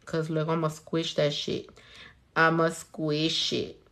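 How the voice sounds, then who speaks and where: Speaking slowly in a completely flat, low-pitched voice with a fairly bright tone, a young woman does her nails on camera. This nail artist keeps up casual, profane vlog chat, talks to herself and her hands, and weaves in Spanish phrases.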